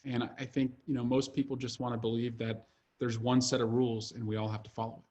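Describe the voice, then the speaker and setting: Speaking at a quick pace in a level, medium-pitched and slightly mellow tone, a man in his thirties, an author and congressman, gives a video-call interview. He is earnest and fluent despite many "uh" fillers, and the audio sounds dull.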